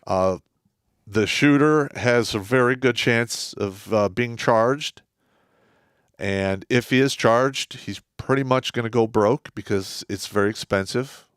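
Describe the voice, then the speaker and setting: A man co-hosting a live stream, giving measured, earnest opinions with filler restarts while having a drink. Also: medium pitch, fairly bright tone, clear, resonant tone, no echo, clean studio sound. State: drinking beer. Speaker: co-host. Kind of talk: casual live-stream commentary.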